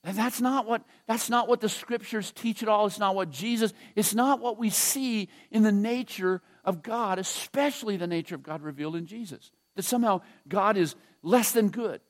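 A man, preaching as a pastor in a church, casual and halting, often dropping to a soft hush. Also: high voice. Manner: conversational, halting with restarts and fillers; drops to a soft hush when emotional. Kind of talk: sermon.

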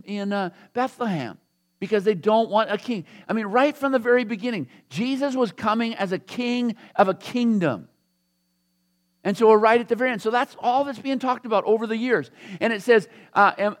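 This pastor's voice sits high as he delivers his sermon like a conversation, telling the story and voicing the characters from the scripture he reads aloud.

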